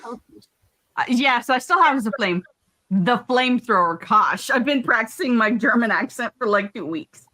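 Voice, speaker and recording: A woman's voice: a little high, lively intonation, measured pace, sharp tone. A woman playing in a tabletop game, talking earnestly and standing up for her choices. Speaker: player. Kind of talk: casual tabletop game talk.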